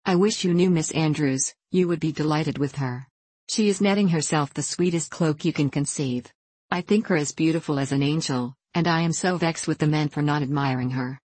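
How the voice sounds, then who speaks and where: A gushing young lady from a storybook who heaps extravagant praise on her friends, as a woman reads her aloud. Her voice sits low for a woman and sounds close and dry. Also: moderate pace, a little mellow, husky, dry recording. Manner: effusive and gushing. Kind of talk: audiobook character reading.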